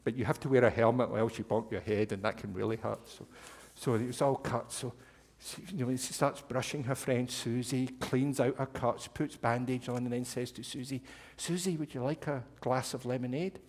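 A man's voice: medium pitch, steady tone, normal speed, a little mellow. A man telling a story to children at a church service, speaking animatedly and addressing them directly. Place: church hall. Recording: long hall reverb.

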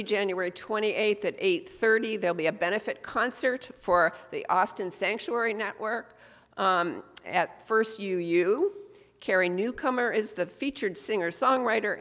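A woman's voice: on the low side, a bit bright. A woman, a minister, giving announcements to her congregation in a conversational way with frequent hesitations. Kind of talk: church announcements. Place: church sanctuary. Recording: long reverb of a large room.

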